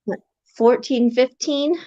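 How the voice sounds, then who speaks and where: A woman hosting a casual interview, soft-spoken and a bit hesitant with restarts. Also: fairly high pitch, steady tone, slow, no room sound. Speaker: interviewer host. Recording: dry, muffled lo-fi sound.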